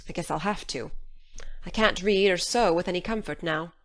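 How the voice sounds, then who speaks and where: A woman's voice: on the low side, moderate pace, lightly acted. An actress playing a practical older woman who talks in plain, matter-of-fact country speech. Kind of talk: full-cast audiobook drama.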